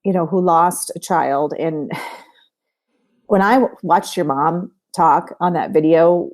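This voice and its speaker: Middle-aged woman host, lowish voice, gentle and reflective. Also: takes it slowly. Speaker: podcast host. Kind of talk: empathetic interview conversation.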